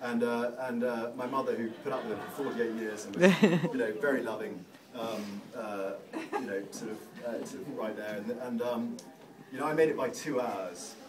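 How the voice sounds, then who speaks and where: A middle-aged man giving a eulogy for his father, telling funny stories in a halting, self-deprecating way with many restarts. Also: mid-range voice, crowd noise. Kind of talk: anecdotal speech to a crowd. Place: large room at a funeral gathering. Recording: roomy hall, distant mic, audience laughter.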